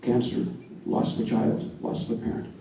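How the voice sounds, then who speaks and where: An older American man, a coach, speaks earnestly to a banquet crowd and drives his points home with repetition. His mellow voice sounds far from the mic in a very echoey hall. Faint room noise sits behind him. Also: moderate pace. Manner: earnest, storytelling, emphatic repetition. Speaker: wrestling coach giving induction speech. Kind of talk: emotional speech at an awards dinner.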